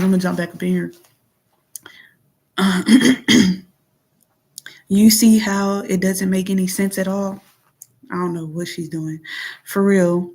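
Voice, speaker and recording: A woman venting in a casual monologue into her phone, blunt and heavily profane, moving between heated outbursts and low murmurs. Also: darkish tone. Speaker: vlogger.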